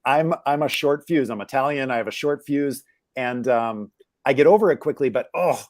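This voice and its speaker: This studio-quality recording with no room sound features a middle-aged man of medium pitch, normal speed, and darkish tone. Guesting on a live interview, he reflects openly on how he was raised, groping for words amid frequent fillers and restarts.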